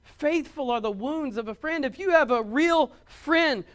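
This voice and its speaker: A man's voice: very high-pitched, lively intonation, a little slow, fairly bright tone. Man, middle-aged pastor, emphatic preaching, repeated words. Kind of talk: sermon.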